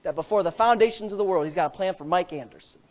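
A middle-aged man preaches to his congregation. His delivery swings from plain, conversational storytelling into loud, fervent proclamation. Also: high voice, fast talker. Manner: impassioned, rising to loud emphatic preaching. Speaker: pastor. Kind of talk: sermon.

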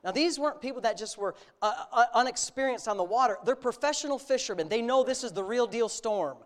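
In an expressive, brisk voice of ordinary male pitch, a middle-aged pastor starts his sermon with an easy, conversational personal story. He then builds into bold, forceful exhortation, climbing to loud, emphatic peaks as he drives his points home.

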